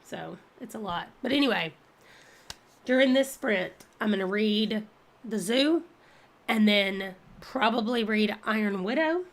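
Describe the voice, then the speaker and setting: A woman's voice: medium pitch, lively intonation, unhurried. A woman hosting her reading channel, chatting casually and thinking aloud during a readathon livestream. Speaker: book channel host.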